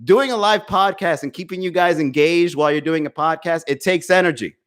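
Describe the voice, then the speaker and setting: Animated, profane comedy podcast host. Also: male voice, on the high side, a little fast. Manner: profane, animated, talks to chat viewers. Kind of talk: live-streamed comedy podcast rant. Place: home. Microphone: desk microphone.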